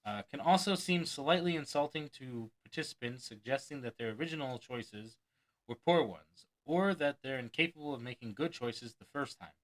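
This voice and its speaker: A man's voice: medium pitch, animated, moderate pace, poor audio. A man and magician reading a magic book aloud, chuckling and breaking off to add his own asides between passages. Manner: acts out quoted lines with mock enthusiasm.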